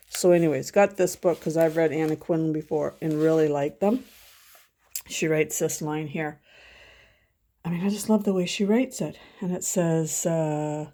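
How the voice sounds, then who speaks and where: A woman vlogging from her home in a loose, chatty way, wandering off track and circling back mid-sentence. Her voice sits a little lower than most women's. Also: dark tone. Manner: chatty, rambling, frequent self-corrections and laughs. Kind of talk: casual chat to camera.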